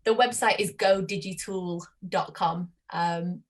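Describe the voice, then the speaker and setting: A woman's voice: on the low side, fairly even intonation, slow. A British woman, a marketing agency head, talking casually and enthusiastically as a podcast guest. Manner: chatty and enthusiastic.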